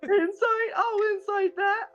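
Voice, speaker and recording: Woman player, very high voice, dull lo-fi mic, halting. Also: steady tone, fairly bright tone, faint music behind. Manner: hesitant, full of ums and ohs. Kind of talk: casual tabletop play.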